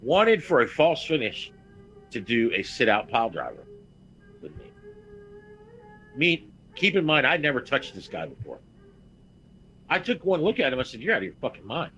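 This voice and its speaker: A man on a podcast telling a blunt, profane story as a veteran wrestler and getting loud and heated. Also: medium pitch, big pitch swings, moderate pace, pauses often, faint music behind, low-quality recording. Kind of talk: casual podcast chat.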